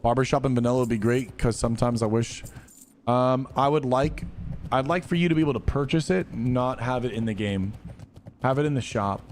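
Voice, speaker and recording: Brief: male streamer, relaxed and blunt, mid-pitched voice, casual chat with viewers. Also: a little fast, a little hiss or hum. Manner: laid-back, slangy, blunt. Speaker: game streamer.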